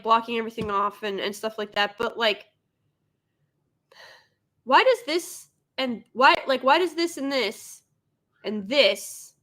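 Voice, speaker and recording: A woman's voice: on the high side, fairly bright tone. A young adult woman giving sarcastic, exasperated live reaction commentary as a streamer.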